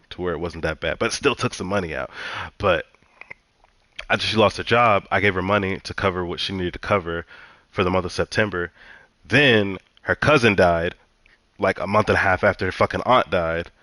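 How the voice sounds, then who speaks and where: A man's voice: deep voice, fairly quick, bright, forceful tone, dry recording. A man telling a personal story in a heated, profane, repetitive way, venting casually.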